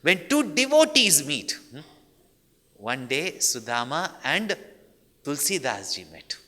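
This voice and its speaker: A man's voice: on the high side, big pitch swings, slow, sharp tone. A man, a spiritual teacher, telling stories in a discourse and checking in with the listeners through constant "hmm?" and "no?" tags. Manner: frequent questioning "hmm?" and "no?" tags. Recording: long hall reverb.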